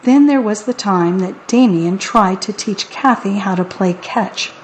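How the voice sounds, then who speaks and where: A woman narrating a children's audiobook in a wry, deadpan way. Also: medium pitch, unhurried, slight background noise, rough recording.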